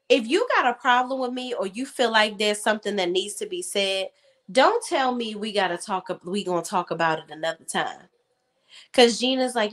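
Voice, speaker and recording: A woman hosting a casual reality TV recap, talking in slang and acting out cast members' lines in quick voices. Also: medium pitch.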